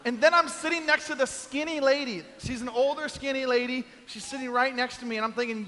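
A man's voice: very high voice, quick pace, few pauses, pushed and bright, big-room sound, a little hiss or hum. A man preaching a sermon, telling a comic story and acting out the quoted voices. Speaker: pastor.

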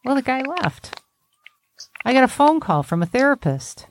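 A woman's voice: sits high, very animated, moderate pace. A woman therapist hosting a podcast, talking bluntly and emphatically with salty language. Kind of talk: candid podcast conversation.

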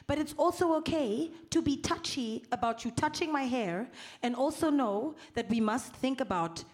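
High-voiced woman moderating a panel. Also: expressive, normal speed, darkish tone. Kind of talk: panel discussion storytelling.

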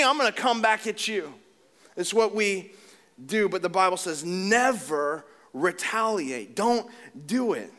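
Pastor guy preaching, high voice, chatty and joking, keeps repeating himself. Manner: animated, conversational preaching with humor and repetition. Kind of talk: sermon.

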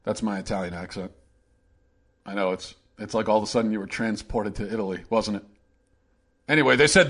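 A man hosting a political opinion show, delivering a sarcastic, animated monologue. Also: lowish voice, brisk, long pauses. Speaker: podcast host.

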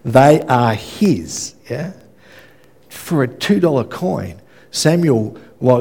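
A man preaches to his congregation, acting out every voice in a lively story and often asking "yeah?". His voice is gravelly and sits a little high. A long hall reverb trails each line. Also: takes it slowly. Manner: animated storyteller, acts out dialogue, asks "yeah?". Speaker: pastor. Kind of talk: sermon with storytelling.

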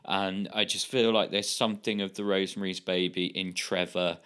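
A man's voice: low-pitched, little pitch movement, normal speed, a bit bright, clear, resonant tone. A man co-hosting a podcast, chatting casually and enthusiastically about films, with a rambling manner and casual swearing. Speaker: podcast co-host. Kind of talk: casual chat.

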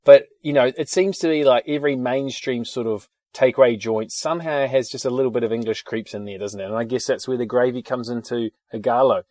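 A man's voice: mid-range voice, brisk, few pauses, a little mellow, no echo, clean studio sound. A man telling rambling anecdotes in casual chat, with fillers and swearing. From New Zealand.

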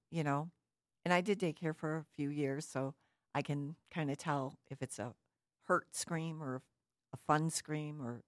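Low-voiced woman telling a personal story. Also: no echo, studio quality. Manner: earnest storytelling with rhetorical questions. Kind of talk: reflective personal talk.

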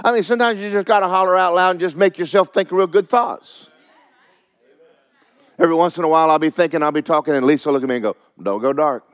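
A middle-aged man preaching a sermon, swinging between loud fervent exhortation and soft asides. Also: high-pitched, quick pace. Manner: animated preaching, rising to near-shouts, then dropping soft. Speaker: pastor.

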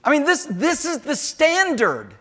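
An older man preaches in a church sanctuary, his very high-pitched voice moving a little slowly. As pastor, he tells homespun stories with animation, joking and turning aside to address the congregation.

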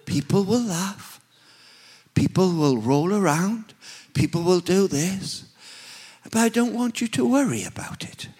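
A man voicing a calm, posh southern English bishop with a soft, measured, reassuring delivery. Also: high-pitched, breathy edge, heavily acted.

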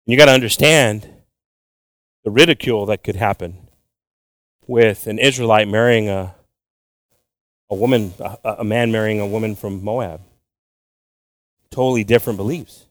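Animated preacher man with a dry sound. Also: lowish voice, moderate pace, long pauses, no room sound. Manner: animated, repeats words, switches between English and Spanish. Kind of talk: bilingual Bible teaching.

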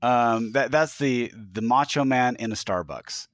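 A man's voice: medium pitch, unhurried, dry recording. A man co-hosting a casual podcast, talking in a rambling way with many restarts. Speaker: podcast co-host.

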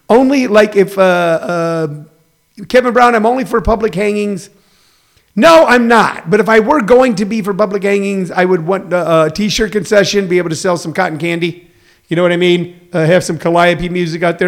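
Gravelly man ranting with comic bluntness. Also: sits high, expressive, normal speed. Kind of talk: comedic rant.

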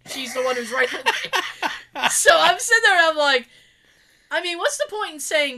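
Animated, sarcastic young woman storyteller. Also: sits high, normal speed, long pauses. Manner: sarcastic, animated, acts out quotes. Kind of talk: casual chat, telling an anecdote.

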